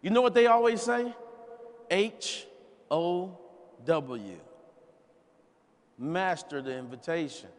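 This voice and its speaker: A man giving a folksy, animated sales training talk, acting out conversations and repeating key phrases. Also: a little high, slow pace, pauses often. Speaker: business opportunity trainer. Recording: long hall reverb, live event.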